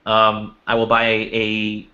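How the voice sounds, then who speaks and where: A man's voice: fairly low pitch, monotone, slow, pushed and bright. A man hosting a casual podcast, telling stories with lots of restarts and asides. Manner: rambling storyteller with many restarts. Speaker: podcast host. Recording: dull lo-fi audio.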